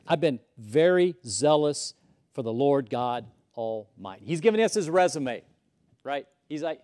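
A man preaching a sermon, moving from loud emphasis to hushed whispers and often repeating words as he starts a sentence. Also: mid-range voice, sing-song, measured pace. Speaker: pastor.

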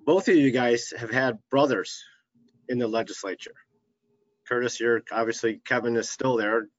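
Regular-pitched guy host, chatty questions, dull lo-fi sound. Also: moderate pace. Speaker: interview co-host. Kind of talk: interview questions.

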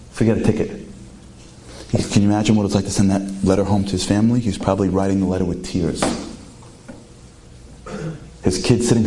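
A man telling a story in a sermon, animated and full of rhetorical questions. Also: on the low side, slight background noise.

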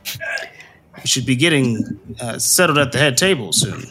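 A man's voice: mid-range voice, lively intonation, unhurried, bright, forceful tone, faint music behind. A man doing a courteous sea elf noble.

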